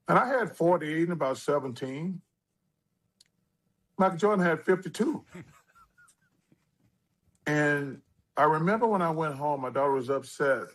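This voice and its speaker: A man in his sixties, a former basketball player, telling animated stories in an interview and acting out what people said. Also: a little high, unhurried, pauses often, low-quality recording. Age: 60s. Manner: animated storyteller who acts out quotes. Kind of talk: storytelling interview.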